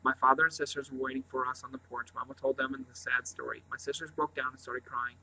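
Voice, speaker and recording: A man reading a novel aloud in a quiet, earnest way, stumbling now and then. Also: mid-range voice, level tone, fast talker, creaky, slight background noise, rough recording. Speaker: reader.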